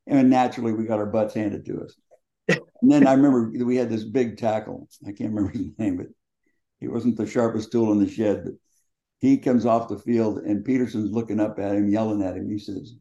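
A man's voice: medium pitch, moderate pace, dark tone. A man in his seventies, a former quarterback, telling colorful, salty anecdotes as the guest in an interview. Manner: colorful, profane, laughing anecdotes. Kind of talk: storytelling in casual conversation. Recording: dull lo-fi sound.

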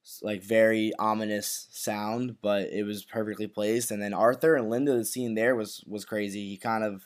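A man's voice: on the low side, little pitch movement, moderate pace. Rambling casual male podcast co-host. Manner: loose, full of "like" and restarts. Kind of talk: casual recap chat.

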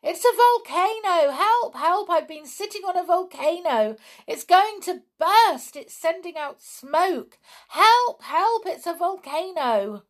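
A woman voicing an excitable, easily frightened young girl who cries out high and breathless. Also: slow, vocal fry, exaggerated voice. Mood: panicked.

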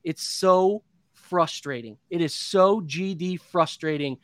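A man's voice: a little high, slow, fairly bright tone, no room sound, clean studio sound. A man in his thirties hosting a postgame sports show, venting in an impassioned, repetitive rant. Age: 30s. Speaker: podcast host.

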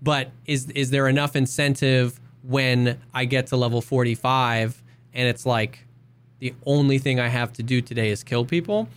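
A man co-hosting a casual gaming podcast, agreeable and thinking out loud in quick bursts. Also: mid-range voice, fairly even intonation, clean tone. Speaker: podcast co-host.

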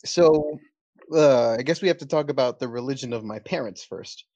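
A man's voice: medium pitch, normal speed, a little mellow, dry recording, lo-fi sound. A man in his twenties, a podcast guest, chatting casually and joking flirtatiously with the hosts. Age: 20s. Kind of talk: casual chat.

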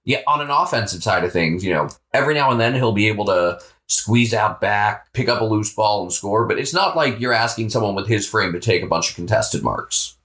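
An American man co-hosting a podcast, talking about football in a relaxed, offhand way with the odd swear. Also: lowish voice, a little fast, few pauses. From United States. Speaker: podcast co-host. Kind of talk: casual sports chat.

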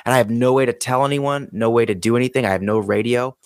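A man, a guest pilot, telling a story in a casual, animated way and acting out the lines people said. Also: mid-range voice, quick pace, no echo. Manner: animated, acts out his own and others' quoted lines. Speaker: podcast guest, pilot and video creator.

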